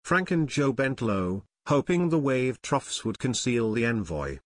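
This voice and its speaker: Male audiobook narrator, measured and steady, mid-range voice, dead-dry close mic. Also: mid-range voice, no room sound. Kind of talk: scripted narration.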